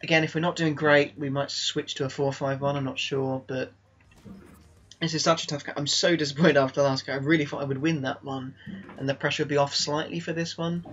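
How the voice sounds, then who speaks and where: A man commentating live on his own football video game match, his voice sitting a little high for a man. He gets excitable and exasperated, then drops into calmer team talk. The mic sounds slightly dull and lo-fi. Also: brisk, husky. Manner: excitable, exasperated, swings between disbelief and calm team talk. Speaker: gaming YouTuber.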